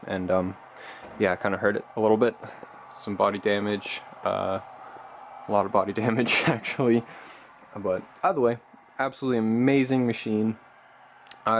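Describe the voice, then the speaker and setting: A man's voice: fairly low pitch, slight background noise. A man vlogging casually about his hobby car, rambling and enthusiastic, with lots of ums and uhs. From Canada. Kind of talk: casual show-and-tell vlog.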